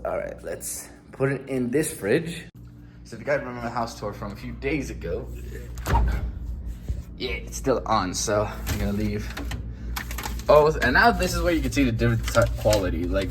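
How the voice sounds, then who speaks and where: A man's voice: fairly low pitch, a little hiss or hum. A young man talking casually while cooking in his home kitchen, swearing now and then. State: groggy morning voice. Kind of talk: casual vlog narration.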